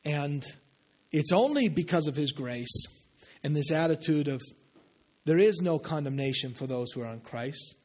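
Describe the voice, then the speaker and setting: Pastor, male, casual sermon delivery, a little higher-pitched than most men, turns quiet and slow for emphasis. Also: lively intonation. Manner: conversational, asks the congregation questions; drops low and slow for emphasis.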